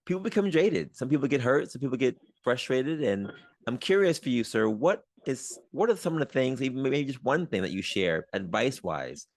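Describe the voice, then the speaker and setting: A man's voice: mid-range voice, lively intonation, normal speed, no echo, clean studio sound. A man hosting a podcast interview, affirming his guest and asking long, rambling questions. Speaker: podcast host and doctor. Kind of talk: casual interview.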